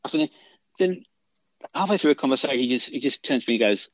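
A man's voice: medium pitch, expressive, fast, long pauses, lo-fi sound. A man, a guitarist, telling long casual anecdotes in an interview, full of restarts and fillers. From Australia. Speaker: guitarist guest.

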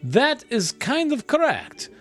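A man's voice: very high-pitched, huge pitch swings, slow, fairly bright tone, faint music behind. A man co-hosting a podcast, playfully quizzing his friend on board game rules in casual chat. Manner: playful, teasing quizmaster. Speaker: podcast co-host.

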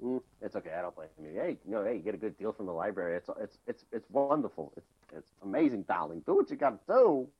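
Casting: male podcast co-host, lively up-and-down delivery, profane rants, dull lo-fi sound. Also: on the low side, quick pace, few pauses, husky. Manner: animated, profane ranting. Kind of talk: casual podcast chat. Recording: dull lo-fi audio.

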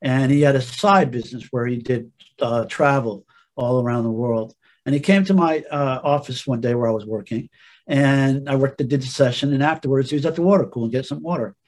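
A man's voice: mid-range voice, fairly quick, darkish tone. A man as a podcast guest, telling a personal story in an earnest, rambling way with restarts.

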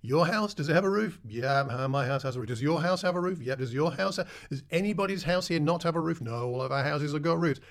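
A man's voice: on the high side, fast talker, hardly any pauses. A man preaching a sermon in a conversational way, putting questions to his listeners.

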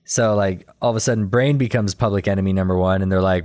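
A man in casual chat, retelling a cartoon episode in a rambling, animated way with quick quoted voices and laughter. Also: sits low. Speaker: podcast co-host recapping a cartoon episode.

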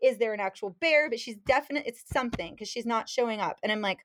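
Woman guest, lively storyteller, slightly high voice, acts out the dialogue. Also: quick pace. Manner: animated, acts out quotes, laughs while telling. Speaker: fishing guide, podcast guest. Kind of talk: casual storytelling.

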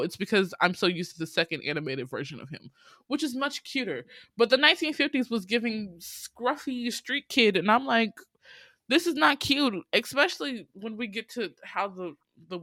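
Brief: young woman podcast host, expressive and sarcastic, dry close mic. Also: dry recording. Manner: expressive, laughing, sarcastic, acts out quotes in higher voices. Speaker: podcast host reviewing a film. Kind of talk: casual chat, animated retelling.

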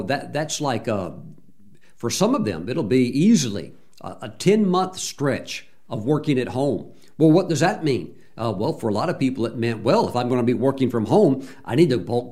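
A man's voice: mid-range voice, darkish tone. Exhorting male preacher, conversational. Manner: earnest exhortation with frequent praise interjections; conversational asides and restarts. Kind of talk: sermon.

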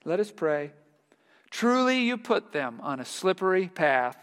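A male pastor preaching a sermon, telling stories in a lively, animated way and laughing along with them. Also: sits high, unhurried, clean tone, long reverb tail. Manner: storytelling, laughs heartily while telling anecdotes.

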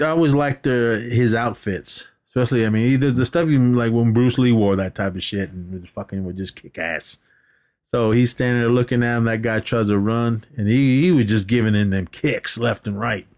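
Guy on a podcast going over an action movie, super casual, cusses, gets animated telling it. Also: lowish voice. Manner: animated retelling with acted-out quotes, swears freely, laughs often. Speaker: podcast co-host. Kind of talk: casual movie recap chat.

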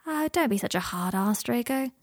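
A woman's voice: fairly high pitch, animated, moderate pace, voice pushed up. A woman voicing a blunt, teasing, foul-mouthed young woman in a read-aloud story. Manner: brash and teasing.

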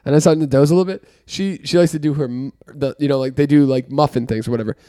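A man co-hosting a casual podcast, playful and animated, laughing often. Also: mid-range voice, fast, no echo, clean studio sound. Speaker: podcast co-host. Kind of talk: casual chat.

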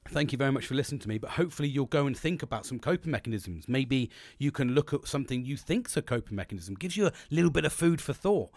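Bloke podcasting, chatty and sweary, keeps restarting sentences, dry close mic. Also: male voice, mid-range voice, animated, fast talker, hardly any pauses, darkish tone, no room sound. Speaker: podcast host. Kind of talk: casual monologue on coping and mental health.

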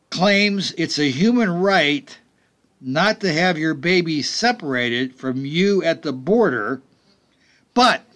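A man's voice: fairly high pitch, a bit bright. Sarcastic middle-aged talk radio man. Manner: sarcastic, emphatic, mocking asides. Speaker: radio talk show host. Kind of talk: political talk radio commentary.

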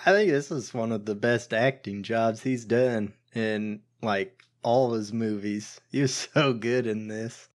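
A man's voice: lowish voice, unhurried, hardly any pauses. A man co-hosting a podcast, chatting easily about a movie and laughing often. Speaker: podcast co-host. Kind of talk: casual movie review chat.

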